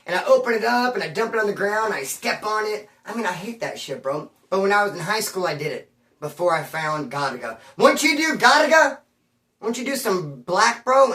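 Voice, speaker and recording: A man telling a story in a rambling, slangy, animated way, recorded in a room at his home. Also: high voice. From Bakersfield area. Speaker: storyteller on his own channel. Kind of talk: casual storytelling. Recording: roomy, mic at a distance.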